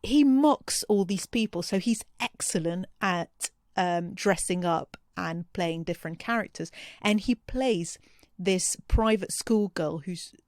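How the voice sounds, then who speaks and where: A woman's voice: fairly low pitch, slow, a little mellow, dry recording, studio quality. A woman co-hosting a podcast, giving thoughtful opinions on a series in casual chat. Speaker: podcast co-host.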